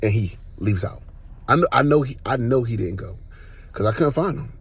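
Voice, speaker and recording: A man with a gravelly, husky voice tells a personal testimony on his podcast. He talks casually and with animation, dropping slang and acting out sudden exclamations. His delivery is loose and conversational. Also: medium pitch, lively intonation, moderate pace. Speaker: podcast host.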